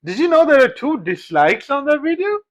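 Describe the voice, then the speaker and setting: A man's voice: very high-pitched, very animated, a little fast. A man co-hosting a podcast, chatting casually and arguing silly points in a playful, joking way. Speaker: podcast co-host. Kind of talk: casual chat.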